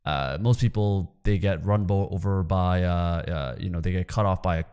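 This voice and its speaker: A man's voice: low voice, moderate pace, mellow, clear, resonant tone. A man hosting an interview, asking chatty questions with many fillers. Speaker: interview host. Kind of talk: conversational interview.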